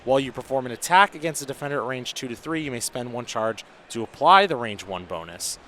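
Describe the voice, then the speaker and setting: A man's voice: mid-range voice, expressive, fast, bright, forceful tone, slight background noise. A man commentating a tabletop tournament in a casual, joking way, reading rules and explaining them in detail.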